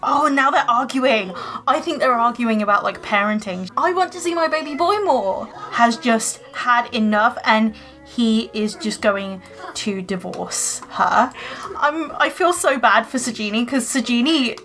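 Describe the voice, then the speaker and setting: A woman's voice: a little high, a little slow, fairly bright tone, faint music behind. A young woman giving chatty, emotional commentary over gameplay, gasping and exclaiming as she plays. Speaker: Sims let's play creator.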